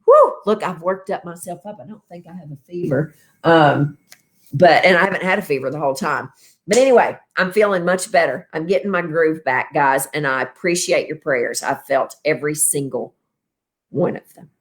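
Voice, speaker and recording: A woman's voice: sits low, normal speed. A woman in her fifties hosting a casual livestream, rambling and tired after an illness, thanking her viewers. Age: 50s. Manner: rambling, warm toward viewers. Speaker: wellness show host.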